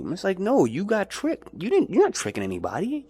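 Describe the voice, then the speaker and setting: A man's voice: a little high, huge pitch swings, fast, hardly any pauses, darkish tone, slightly rough. A man ranting in a rambling, profane vlog monologue, jumping between mocking voices and his own. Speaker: vlogger.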